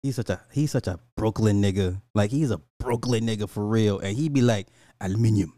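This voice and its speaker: A man from Illinois, a podcast host, ranting casually in a profane, laughing, animated way. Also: on the low side, a little fast, no echo, clean studio sound. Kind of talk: casual comedic rant.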